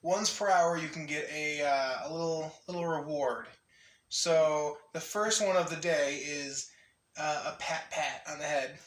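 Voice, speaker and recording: A man rambling excitedly in a casual vlog, laughing often and restarting his sentences. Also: on the high side, a little slow, roomy sound, distant mic. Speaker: anime vlogger.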